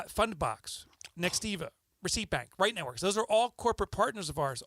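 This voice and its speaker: A man with a New Jersey accent hosts a podcast in a loose, joking, chatty style. His voice sits fairly high for a man. The studio sound is close and dry. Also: fairly bright tone, no echo. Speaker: podcast host. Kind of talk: conversational podcast hosting.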